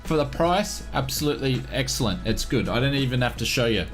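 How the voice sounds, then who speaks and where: A man's voice: mid-range voice, animated, brisk, faint music behind. A man with an Australian accent hosting a live flight sim stream, chatting upbeat and greeting viewers one by one.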